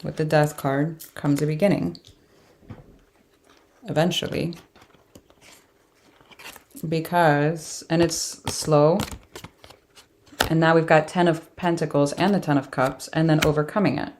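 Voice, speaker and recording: Low-voiced woman reading tarot. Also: fairly even intonation, a little slow, pauses often, a little mellow, slight background noise. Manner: reacts aloud to cards with surprised exclamations and laughs. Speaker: tarot reader.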